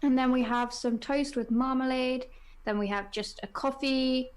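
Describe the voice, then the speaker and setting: A woman's voice: sits high, steady tone, moderate pace. A woman, co-hosting a fan podcast and chatting casually with a friend. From England. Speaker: podcast co-host. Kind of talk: casual chat.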